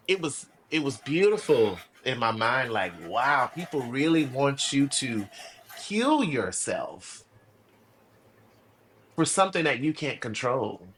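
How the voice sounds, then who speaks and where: A man of middle pitch talks as a podcast guest in a relaxed, unscripted way. He gets animated when he tells a story, drops the odd curse, and leans into earnest life lessons. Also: unhurried, a little hiss or hum. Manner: animated storyteller, swears freely; earnest, preachy about life. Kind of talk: casual conversation.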